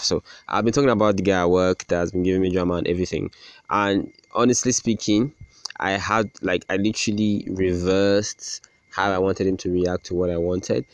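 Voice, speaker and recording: A man's voice: low voice, steady tone, a little fast, dry recording. A young man hosting a casual solo podcast, rambling about his day in a sarcastic, self-deprecating way with many restarts. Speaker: podcast host.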